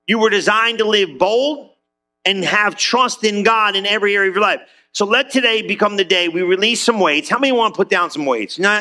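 A middle-aged man preaching a sermon as pastor, conversational and animated, acting out quotes in little voices. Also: sits high.

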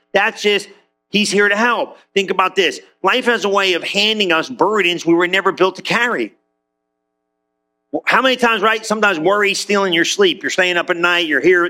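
A middle-aged man preaching a sermon to a church congregation, chatty and animated, acting out little quoted voices. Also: high-pitched. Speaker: pastor.

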